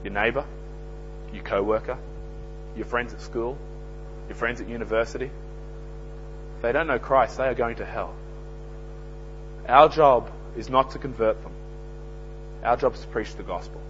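A man preaching a sermon, swinging from loud emphasis to hushed lines. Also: medium pitch, normal speed, pauses often. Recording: dull lo-fi recording with faint mains hum.

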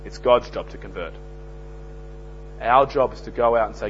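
A man preaching a sermon, swinging from loud emphasis to hushed lines. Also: medium pitch, moderate pace, long pauses. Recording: dull lo-fi recording with faint mains hum.

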